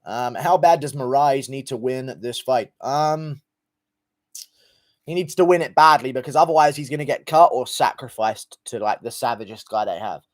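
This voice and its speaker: A man of middle pitch hosts a relaxed livestream chat. He rambles through his thoughts with plenty of fillers and casual swearing, sounding easygoing and unpolished. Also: moderate pace. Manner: laid-back, profane, rambling with fillers. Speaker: livestream host reading donations.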